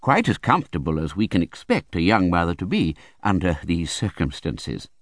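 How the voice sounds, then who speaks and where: A timid, polite doctor stammers out his news in a soft, deferential way, as a man puts him on. His voice sits low, and the storybook recording is dry and close. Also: big pitch swings, normal speed, no room sound. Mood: meek hesitant. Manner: meek, hesitant, polite. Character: meek, polite male country doctor.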